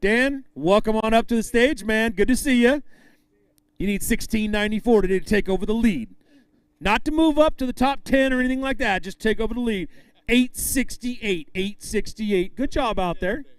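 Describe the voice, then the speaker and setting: A man emceeing a live fishing tournament weigh-in, upbeat, calling out names and weights with drawn-out emphasis. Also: sits high, clean tone, no room sound.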